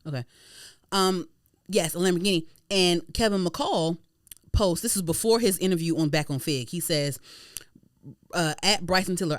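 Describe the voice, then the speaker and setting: A woman hosting a podcast in casual chat, animated and slangy, swearing freely. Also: lowish voice, moderate pace, long pauses, no echo, clean studio sound. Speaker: podcast host.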